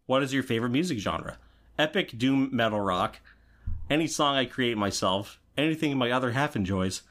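A man's voice: medium pitch, animated, moderate pace, a bit bright. A man co-hosting a podcast in casual chat, reading out quiz questions and laughing often. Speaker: podcast co-host.

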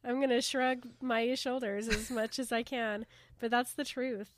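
A woman's voice: a little high, steady tone, a little slow, noisy background. A woman co-hosting a casual chat, gushing and emotional about the story. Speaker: podcast co-host.

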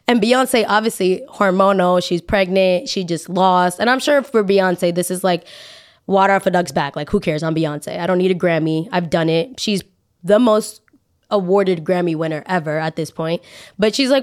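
Animated woman ranting on a podcast. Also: fairly low pitch, moderate pace. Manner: animated, dramatic, exaggerated asides. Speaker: podcast host. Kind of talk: casual opinion monologue.

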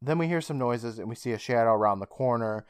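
A man co-hosting a casual podcast, retelling a show's scenes with quick character lines and frequent laughs. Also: medium pitch, smooth, no room sound, clean studio sound. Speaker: podcast co-host. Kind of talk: casual recap chat.

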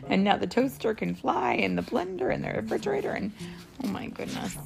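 A woman reading a picture book aloud to a child, playful and animated, stopping often to ask questions about the pictures. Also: fairly high pitch, moderate pace, creaky, over loud music. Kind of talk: storybook read-aloud with questions.

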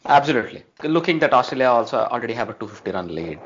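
A man's voice: medium pitch, very animated, slight background noise. A man hosting a podcast, casually and analytically discussing cricket and often checking in with "right?". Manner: measured, analytical, frequent "right?" tags. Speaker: podcast host. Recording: dull lo-fi audio.

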